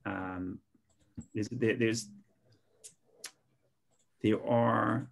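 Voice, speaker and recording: Rabbi teaching a relaxed Torah class. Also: male voice, on the low side, extremely slow, creaky, a little hiss or hum. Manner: conversational, repeats and restarts words. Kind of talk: informal online Torah class.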